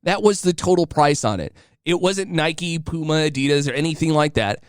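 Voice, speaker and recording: A man in his thirties spins a casual, joking story to his listeners, now and then slipping into voices. His voice is smooth and sits a little high for a man, recorded dry and close. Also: animated, moderate pace, no room sound. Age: 30s. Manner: chatty and joking, acting out voices. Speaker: podcast host.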